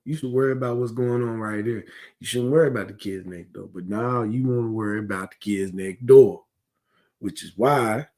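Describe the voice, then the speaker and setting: A man's voice: mid-range voice, a little mellow. A man teaching a scripture class in a heated, conversational way, often asking rhetorical questions and drifting into digressions.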